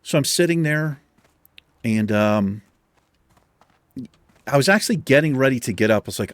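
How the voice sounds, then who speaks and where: A man's voice: medium pitch, expressive, normal speed, pauses often, no echo. A man hosting a gaming channel, telling a long anecdote casually with a lot of swearing. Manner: profane, exasperated anecdote telling. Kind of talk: casual storytelling over gameplay.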